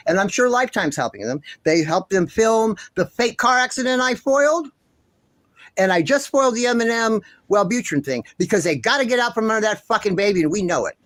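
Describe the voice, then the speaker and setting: A commentary vlog host rants with heated, indignant passion and plenty of swearing, insistently repeating the same points. His lively voice swings widely in pitch, runs a little fast, and sounds fairly bright. The audio is dry and close, without room echo.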